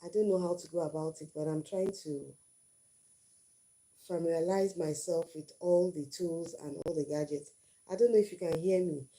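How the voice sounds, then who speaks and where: A middle-aged woman speaks casually to viewers on a livestream, telling a story and giving advice. She is earnest and repeats phrases for emphasis. Her voice sits a little low and has a very dark, mellow tone. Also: steady tone, moderate pace. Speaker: channel host on her first livestream.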